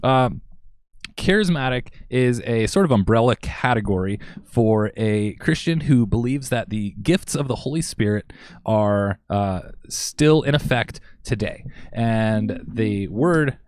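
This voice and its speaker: A man's voice: medium pitch, lively intonation, unhurried, a little mellow, clear, resonant tone, dry recording. A man in his thirties, a church music director, talking casually on a podcast and explaining his ideas simply, with lots of fillers. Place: Minnesota.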